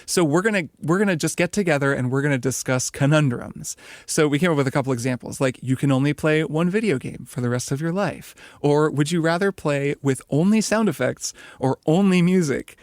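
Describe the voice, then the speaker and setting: A man's voice: a little high, brisk, no echo, studio quality. A man hosting a podcast, chatting casually and reading out show announcements in an upbeat way. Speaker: podcast host.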